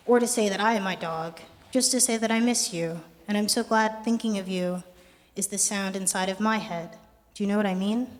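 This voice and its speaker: A young adult poet giving a poetry reading with a wry, conversational, deadpan delivery. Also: mid-range voice. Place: art gallery performance space. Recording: long reverb of a gallery hall.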